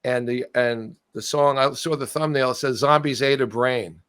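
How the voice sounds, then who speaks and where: A man's voice: medium pitch, normal speed, fairly bright tone, smooth, no room sound, clean studio sound. Rambling male guest on a video call. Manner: rambling, trailing off and restarting. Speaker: guest musician. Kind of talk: casual interview storytelling.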